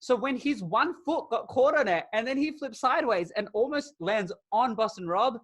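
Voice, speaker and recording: A man hosting a casual fan podcast, talking in an animated, chatty way full of "like" fillers. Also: very high-pitched, moderate pace. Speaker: podcast host. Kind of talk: casual chat.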